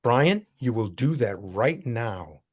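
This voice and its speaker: A man's voice: medium pitch, expressive, slow pace, darkish tone. An older man voicing a stern mother firmly ordering her young son. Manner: firm, commanding.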